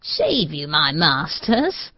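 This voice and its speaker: A woman voicing an old male soldier with a thin, shaky, slow voice, in an audiobook. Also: low voice, wildly swooping pitch, slightly rough, no room sound, exaggerated voice. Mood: wry, slow. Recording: dull, dry audiobook recording.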